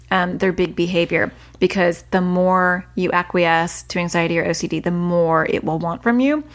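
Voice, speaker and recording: A woman hosting a solo parenting podcast, giving earnest advice in a chatty way and correcting herself as she goes. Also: fairly low pitch. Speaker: parenting coach and podcast host.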